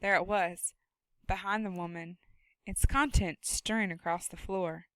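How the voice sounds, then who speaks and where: A woman reading a novel aloud with a steady, expressive delivery and a bright, crisp tone. The recording is dead dry, close to a studio mic. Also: on the low side, measured pace, dry recording, poor audio. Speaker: audiobook narrator. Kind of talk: scripted narration.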